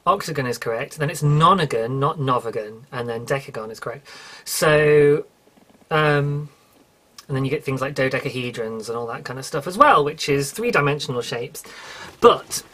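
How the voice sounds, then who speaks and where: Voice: medium pitch, moderate pace, fairly bright tone. British solo podcaster, chatty, rambling, self-correcting. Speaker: podcast host. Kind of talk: casual solo podcast chat.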